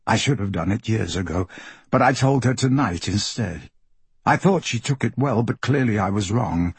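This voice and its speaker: Remorseful young magician, read by a male narrator: low, hushed, breathy tone, dry studio sound. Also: lively intonation, moderate pace, no echo, heavily acted. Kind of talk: audiobook character voice.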